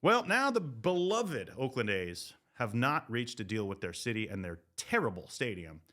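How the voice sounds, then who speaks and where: A man hosting a sports podcast, ranting comedically with loud, profane riffs. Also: mid-range voice, normal speed. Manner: loud, profane, animated riffing. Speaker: podcast host.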